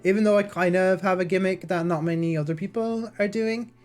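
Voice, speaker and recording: A woman's voice: lowish voice, steady tone, fairly quick, darkish tone, soft background music. Chatty woman with a slightly nasal voice. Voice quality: somewhat nasal. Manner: chatty and rambling, with lots of fillers and restarts. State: sore throat with a cough. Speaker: streamer. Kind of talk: casual stream chat and reading aloud. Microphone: basic mic, no headset.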